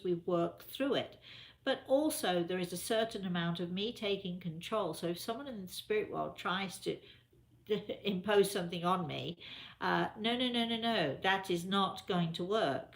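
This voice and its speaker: An older woman, a spiritual medium, chatting casually and repeating herself as she gently advises viewers in a live question session. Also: fairly low pitch, vocal fry.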